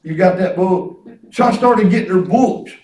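A man's voice: high voice, moderate pace, warm tone. A man preaching in a casual, conversational way, telling folksy stories and often restarting his words. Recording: echoey room, distant mic.

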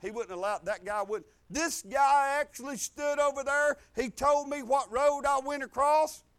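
A man speaking at normal speed delivers a pastor's sermon built around his personal testimony. He is animated and informal, restarting sentences and moving between forceful loud lines and quiet, low passages.

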